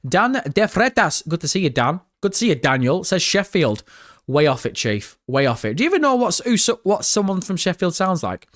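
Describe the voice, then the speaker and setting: A man with a northern English accent hosts a live-stream reaction, chatty and joking as he reads viewer messages aloud. His voice sits slightly high for a man. The sound is close and dry, with no room around it. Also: very animated, brisk, a bit bright, no room sound.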